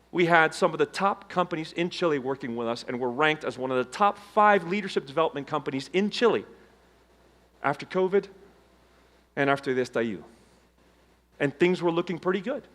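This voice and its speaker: Dramatic keynote man, fairly high voice. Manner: dramatic swings from loud emphasis to hushed low tones. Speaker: keynote speaker. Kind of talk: motivational keynote storytelling. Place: conference stage before a live audience.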